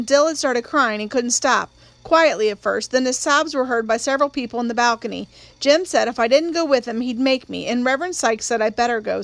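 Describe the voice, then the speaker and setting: A woman narrating an audiobook in a measured storytelling voice. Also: a little high, fairly bright tone, dry recording.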